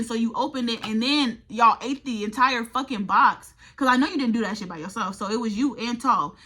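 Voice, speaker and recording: Bright-voiced young woman ranting a storytime. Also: fairly high pitch. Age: young adult. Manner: animated, profane, exasperated storytelling. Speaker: vlogger. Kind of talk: storytime vlog.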